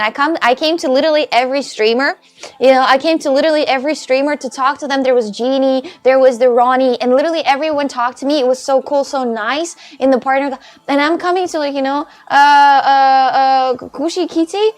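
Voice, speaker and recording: A woman livestreaming in casual chat, rambling as she reads her chat aloud and thanks her viewers. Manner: animated when retelling a story, with high exclamations.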